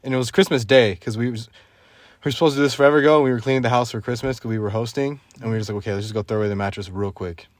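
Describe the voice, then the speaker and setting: A man's voice: mid-range voice, very fast, no echo. Young man telling a story with laughs. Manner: animated storytelling, laughing often. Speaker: podcast host. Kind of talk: casual chat.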